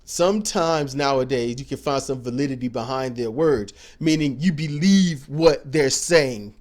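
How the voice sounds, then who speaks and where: A man's voice: mid-range voice, a little slow, darkish tone. A man giving blunt, preachy casual commentary as a show co-host, swearing freely as he talks.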